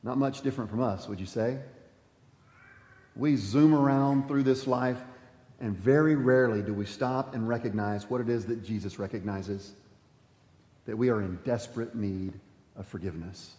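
A man pastor preaching a sermon, swinging between emphatic points and hushed, quiet passages. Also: medium pitch, moderate pace. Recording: echoey hall, dull sound.

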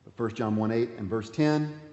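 A man pastor preaching a sermon, swinging between emphatic points and hushed, quiet passages. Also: fairly low pitch, moderate pace, faint music behind. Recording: echoey hall, dull sound.

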